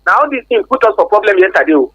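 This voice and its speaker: Brief: lively high-pitched Nigerian male caller, dull phone-line sound. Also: rapid-fire, no room sound.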